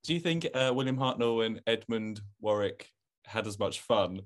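A man's voice: fairly low pitch, lively intonation, moderate pace. A man with a Cockney accent co-hosting a podcast in casual comedic chat, mock-polite and laughing a lot. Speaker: podcast co-host.

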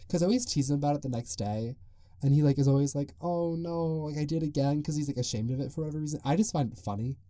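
A man's voice: mid-range voice, very fast, warm tone, no room sound, studio quality. A young man hosting a casual solo podcast, rambling with lots of "like" and frequent chuckles. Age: young adult. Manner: rambling, peppered with "like", chuckles often. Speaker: podcast host.

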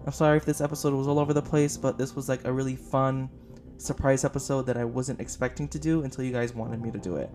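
A man's voice: mid-range voice, steady tone, fast talker, darkish tone. A man hosting a casual podcast film review, rambling and gushing with many fillers, tired and up late. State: short on sleep, up late. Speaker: podcast host.

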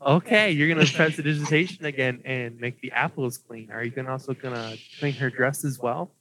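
A man's voice: medium pitch, brisk, bright, forceful tone, poor audio. Hesitant young man running a tabletop game. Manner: nervous, hesitant, many fillers. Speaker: game master.

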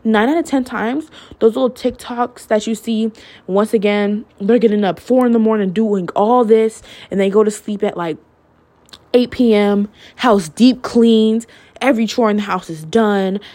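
A woman's voice: mid-range voice, moderate pace, dark tone. A young adult woman hosting her own podcast, talking in a candid, chatty way, filling her talk with "like" and "literally" and laughing now and then. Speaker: podcast host. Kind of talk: casual solo podcast monologue.

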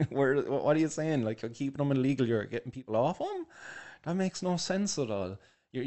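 A young man hosting a podcast, giving casual, sarcastic commentary in a halting way with many fillers and restarts. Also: mid-range voice, mellow. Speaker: podcast host.

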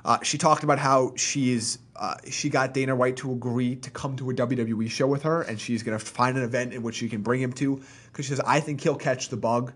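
A man co-hosting a podcast in casual chat, measured and conversational, with wry asides. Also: medium pitch, fairly even intonation, fairly bright tone. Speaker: podcast co-host. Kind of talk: casual wrestling talk.

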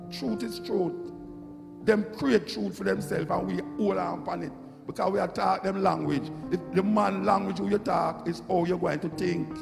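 A man's voice: high-pitched, vocal fry. A middle-aged Jamaican man giving an impassioned, preachy monologue, repeating phrases to drive his points home. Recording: echoey hall with loud music.

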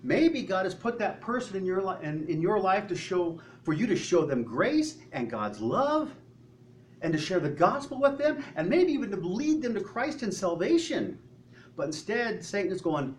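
A man's voice: sits high, big pitch swings, normal speed. A male pastor preaching a sermon in an earnest manner, asking the congregation many rhetorical questions. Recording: distant mic with faint hum.

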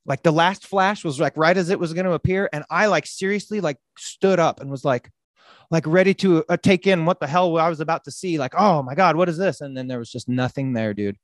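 A man hosts a casual podcast, telling a wild story in an animated way, often jumping into loud acted-out quotes and swearing freely. His voice sits a bit high for a man. It is recorded close and dry, with no room sound. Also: brisk, no room sound. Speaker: podcast host.

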